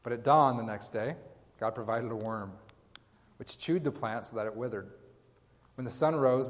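Pastor, male, mid-pitched, preaching casually to a congregation with questions and quips, long hall reverb behind him. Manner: casual preaching, asks the congregation questions, mock-quotes Jonah. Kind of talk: sermon.

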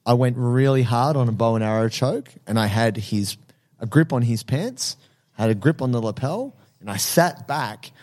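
A man talks through a story on a casual podcast. He is animated and acts out his own reactions as he goes, and his voice sits at an ordinary middle pitch. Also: moderate pace. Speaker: podcast co-host and jiu-jitsu coach.

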